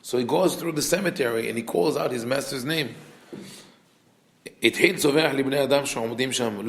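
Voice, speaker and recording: A man, a rabbi, teaching a Torah class, reading Hebrew text quickly and then explaining it in a conversational way. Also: mid-range voice, vocal fry. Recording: echoey room.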